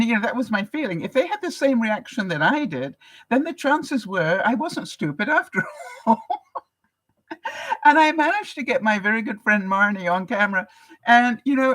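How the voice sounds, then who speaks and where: A woman's voice: on the high side, fairly bright tone, poor audio. An older woman from Canada, hosting a live vlog broadcast and chatting casually with viewers, laughing often. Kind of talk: casual advice chat to viewers.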